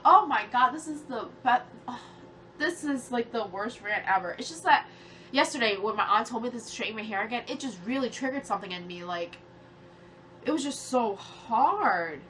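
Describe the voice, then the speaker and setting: A woman's voice: a little high, animated, fairly quick, fairly bright tone, a little hiss or hum. A woman in her early twenties with a nasal voice, tearful as she rants to her viewers, heated and swearing, rambling with many fillers. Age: 20s. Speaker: vlogger. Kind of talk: emotional rant to camera.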